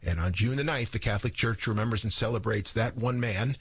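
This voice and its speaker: A man on a radio program, telling the story of a saint in a measured, informative way. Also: on the low side, slightly rough, dry recording.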